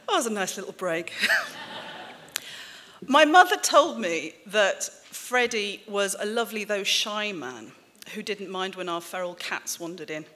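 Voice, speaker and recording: A woman author in her forties, from the English-Welsh border country, reading a memoir aloud to an audience in a wry, measured way with dry asides. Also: mid-range voice, expressive, fairly bright tone. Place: stage in a hall. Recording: reverberant hall.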